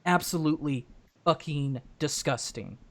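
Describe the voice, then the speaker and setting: A man's voice: on the high side, a little slow. Angry profane man ranting. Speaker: stream host. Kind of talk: heated voice-call stream argument.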